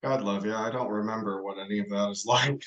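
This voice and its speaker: Podcast co-host, man from ohio, very low voice, wry and self-mocking. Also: fairly even intonation, fast, a bit bright, highs cut off. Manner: wry, self-deprecating, with high laughs. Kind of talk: casual chat.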